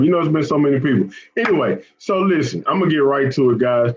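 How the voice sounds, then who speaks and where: A man's voice: medium pitch, animated, fast talker, hardly any pauses. A chatty man hosts a fishing live stream, with a mid-range voice. He keeps repeating "man" and "y'all" as he rambles to his viewers. The audio is a bit dull and lo-fi. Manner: chatty, repetitive, often says man and y'all. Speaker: fishing channel host.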